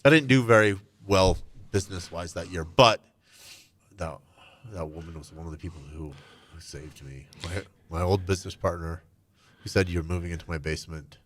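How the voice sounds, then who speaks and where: Deep-voiced man telling a painful story. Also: moderate pace, a little hiss or hum. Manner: open, reflective, often trails off into a soft low voice. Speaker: guest. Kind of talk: candid personal storytelling.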